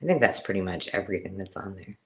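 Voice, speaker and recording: A woman hosting a live-stream craft sale, chatty and excitable, counting items aloud as she shows them. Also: very deep voice, fast. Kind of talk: casual live-stream selling chat.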